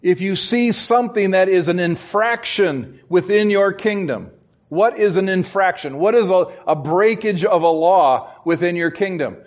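This middle-aged pastor has a high-pitched voice and a moderate pace. His sermon unfolds through storytelling, with him acting out the people he quotes and chuckling at himself.

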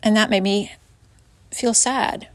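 Woman slowly telling a personal story, halting, lots of pauses and sighs, dry close sound. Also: medium pitch, steady tone, dry recording. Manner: halting, reflective, with sighs and hesitant fillers.

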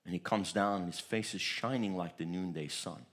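A man from Turkey delivers a church sermon in a somewhat low voice. He tells personal stories with animated energy, often repeating words as he goes. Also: normal speed. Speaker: pastor.

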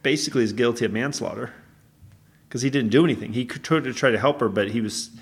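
Quick-paced and mid-range, this man co-hosts a podcast in a relaxed, chatty way. His storytelling wanders, and he regularly corrects himself mid-thought.

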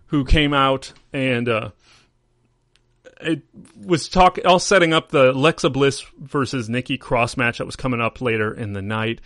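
Speaking at normal speed in a mid-range, somewhat bright voice with no echo, a podcast host chats loosely through a wrestling recap, amused and self-correcting as he rambles.

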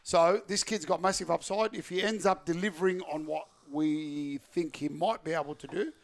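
Brief: male podcast guest, gravelly voice, loud and emphatic, argumentative banter. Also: fairly high pitch, fairly even intonation, normal speed. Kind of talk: heated sports banter.

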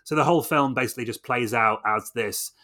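A man's voice: mid-range voice, brisk, bright, forceful tone. A man co-hosting a film podcast, talking with enthusiasm in a loose, rambling way full of fillers. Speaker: podcast co-host. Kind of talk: casual film review chat.

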